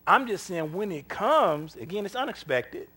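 A man's voice: high voice, normal speed, husky. A man preaching a sermon, telling personal stories in a folksy, conversational way, acting out the dialogue and laughing often. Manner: animated, acts out dialogue in his stories. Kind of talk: sermon with storytelling.

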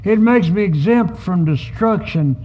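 A man preaching a sermon as pastor, teaching in a measured, emphatic way and acting out short quoted asides. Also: high-pitched, animated, muffled recording.

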